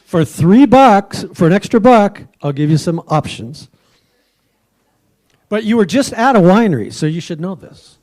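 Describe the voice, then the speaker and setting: A man's voice: sits high, expressive, unhurried, darkish tone. A man hosting a trivia quiz at a club meeting, joking with the tables and offering hints for a dollar.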